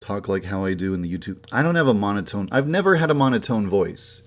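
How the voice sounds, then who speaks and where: A young man talks into a desk mic during a home livestream, his voice sitting a little low. He moves from loose chat to a measured, formal lecturing delivery. Now and then he grumbles and vents. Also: sing-song. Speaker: game developer streaming.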